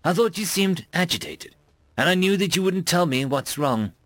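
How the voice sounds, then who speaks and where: A man's voice: a little high, expressive, normal speed, a bit bright, dry recording, pitched above the performer's own voice. A man voicing a timid, affectionate male alien who speaks in an earnest, pleading way.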